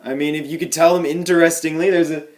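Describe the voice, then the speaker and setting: A young man vlogging at home, telling a small everyday story to the camera with exaggerated mock drama and deadpan asides. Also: a little high, quick pace.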